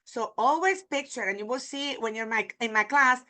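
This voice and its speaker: Bright-voiced teacher. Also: female voice, on the high side. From Puerto Rico. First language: Spanish. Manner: demonstrative, repeating example words slowly. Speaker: Spanish teacher. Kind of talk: online pronunciation lesson.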